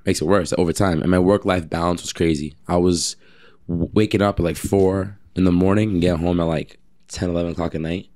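Low-voiced man telling stories. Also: a little fast. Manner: animated storyteller, many fillers. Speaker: guest personal trainer. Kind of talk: casual podcast chat.

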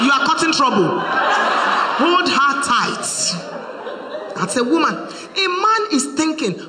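Lively woman preaching in a reverberant hall. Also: high-pitched, takes it slowly, long pauses. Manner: animated and humorous, acting out quotes. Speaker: preacher on marriage. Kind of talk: sermon to a congregation. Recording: reverberant hall with faint hum.

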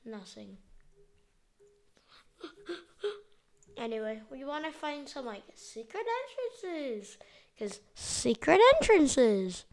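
A woman with a slightly high voice hosts a gameplay video, speaking slowly and pausing often. Goofy and playfully excitable, she jokes as she plays and calls out to her viewers.

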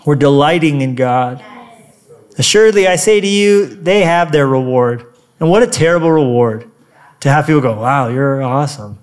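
A man preaching a sermon as a pastor, energetic and playful, with quick asides and calls to the congregation. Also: fairly high pitch. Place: church auditorium.

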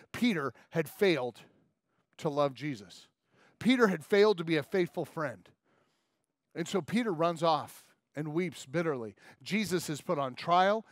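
Preacher, male, slightly high, chatty storyteller, close and dry. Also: no echo. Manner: conversational storytelling, acts out voices. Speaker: pastor. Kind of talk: sermon. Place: church main hall.

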